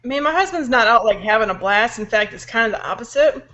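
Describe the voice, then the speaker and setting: A woman's voice: fairly high pitch, animated, fast, bright, forceful tone. A young woman with a sore throat, venting in casual chat; tired and frustrated, she swears when she gets angry. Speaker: podcast co-host venting. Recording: dull lo-fi recording.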